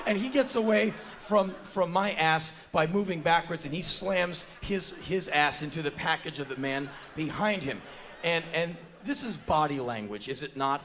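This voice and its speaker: A man in his forties telling a long comic story live on a theater stage, animated and breaking into loud yelps and acted-out quotes. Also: a little high, measured pace, slight background noise. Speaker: spoken word performer. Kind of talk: live spoken word storytelling. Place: large theater stage before a live audience.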